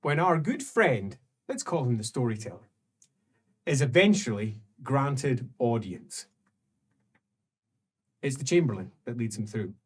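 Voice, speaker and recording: A male game master narrating an improvised tabletop roleplaying game. He takes his time over each scene description. His intonation is lively and varied. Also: mid-range voice, unhurried, pauses often, breathy edge.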